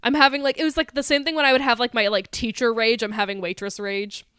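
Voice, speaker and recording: A woman's voice: fairly high pitch, fast, clear, resonant tone, no room sound, clean studio sound. A woman co-hosting a podcast, telling stories in casual chat with lots of fillers and laughter. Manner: animated storytelling with many fillers and laughs. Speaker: podcast co-host. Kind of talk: casual chat recapping a film.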